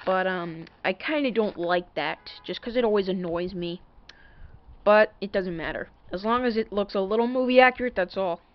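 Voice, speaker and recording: A woman's voice: mid-range voice, normal speed, no echo, muffled recording. A woman rambling through a casual show-and-tell vlog about a toy, full of fillers and apologies. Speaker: toy collector showing a doll.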